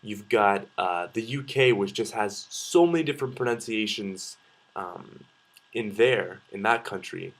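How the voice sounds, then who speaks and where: A man's voice: on the low side, unhurried, a bit bright. A man, talking casually to camera in a video response and thinking aloud with frequent ums and uhs. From Canada. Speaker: vlogger.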